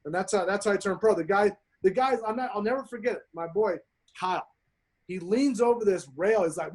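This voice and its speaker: A man in his forties, a pro golfer telling profane, animated stories as a podcast guest. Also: high-pitched, brisk. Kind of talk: casual storytelling.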